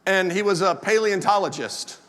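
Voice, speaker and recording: A male pastor with a strikingly high voice delivers a sermon in an animated storytelling manner. His words ring out with a long reverb from a large church hall. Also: moderate pace. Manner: animated storytelling with acted asides.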